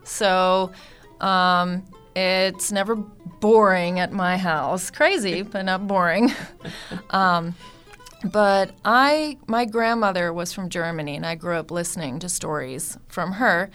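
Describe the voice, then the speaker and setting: Clear-voiced woman telling a lively story. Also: lowish voice, slow pace, soft background music. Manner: lively, animated retelling with acted-out quotes. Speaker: storyteller guest. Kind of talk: personal storytelling.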